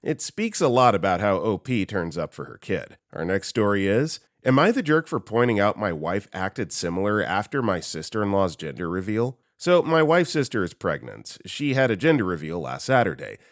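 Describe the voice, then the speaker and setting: Male storyteller, low voice, lively and wry delivery, dry close-mic sound. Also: moderate pace, few pauses, no room sound. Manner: animated, sarcastic storytelling. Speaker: story narrator. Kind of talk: reading online stories aloud.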